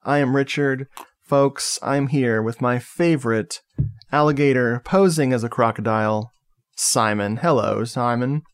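A man's voice: medium pitch, a little slow, clear, resonant tone. American guy hosting a movie podcast, jokey and rambling, lots of uhs. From United States. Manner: loose, joking, rambling with fillers. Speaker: podcast host. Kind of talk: casual chat about movies.

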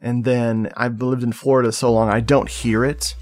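A man's voice: mid-range voice, flat delivery, moderate pace, darkish tone. Male American podcast host, casual and joking, rambles with fillers. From United States. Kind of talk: casual chat about movies.

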